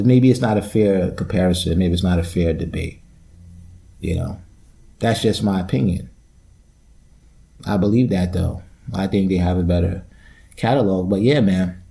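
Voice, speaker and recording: A young man hosts his own podcast alone, riffing from one gripe to the next with plenty of cursing and joking asides. His voice sits low and has a dark, mellow tone. He talks like he's unwinding in casual conversation, doubling back and trailing off. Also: creaky. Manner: rambling, profane, loose and joking. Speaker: podcast host. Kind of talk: solo podcast rant.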